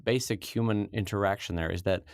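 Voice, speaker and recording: A man co-hosting a podcast in casual chat, telling stories with lively acted-out quotes. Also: lowish voice, brisk, vocal fry, clear, resonant tone, no room sound, studio quality. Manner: animated storyteller who acts out quoted voices. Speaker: podcast co-host.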